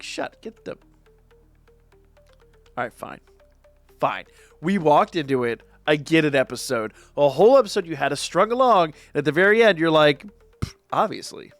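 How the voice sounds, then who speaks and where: A man with a slightly high voice chats through an anime episode review, animated and jokey, tripping over restarts and filler words. His voice is close and dry, with faint music playing behind him. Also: moderate pace, pauses often, no echo. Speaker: reaction channel host.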